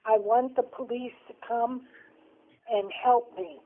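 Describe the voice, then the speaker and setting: A woman's voice: a little high, steady tone, takes it slowly. A woman taking part in a role-play, answering in a hesitant but firm way. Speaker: guest in role-play, the host's mother. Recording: tinny phone line.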